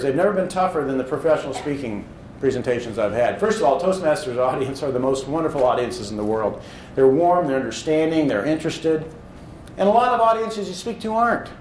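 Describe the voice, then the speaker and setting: A man who speaks professionally tells a motivational story about his own career in an earnest, animated way, now and then acting out his own thoughts. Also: fairly high pitch, echoey room, a little hiss or hum, poor audio.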